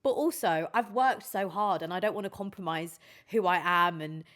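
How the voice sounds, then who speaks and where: A woman's voice: fairly low pitch, normal speed, fairly bright tone. A woman, a DJ chatting candidly and emotionally on a podcast, swearing freely. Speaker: DJ and guest. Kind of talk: casual podcast chat.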